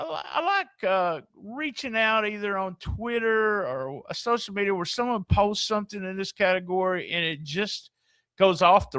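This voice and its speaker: With a bright, forceful, high voice and no room sound, this middle-aged Southern man hosts a podcast. Speaking in a Southern US accent, he delivers casual ranting commentary full of exasperated disbelief and free swearing.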